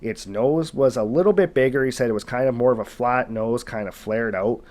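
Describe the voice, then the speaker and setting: A man's voice: mid-range voice, fairly quick, a little mellow. A man narrating a retold wilderness encounter in a casual, conversational way, building suspense as he goes. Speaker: storytelling channel host. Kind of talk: narrated retelling of an encounter story.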